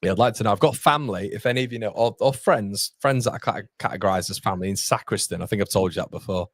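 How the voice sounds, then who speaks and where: A man's voice: lowish voice, fast, dry recording, studio quality. A young man hosting a live football watchalong, commenting on the match and reading viewer comments aloud with frequent laughs. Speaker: watchalong host.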